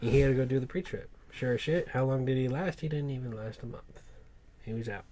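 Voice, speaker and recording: A man's voice: mid-range voice, quick pace, dark tone. A man, a truck mechanic, telling a rambling work story in casual podcast chat, with plenty of swearing.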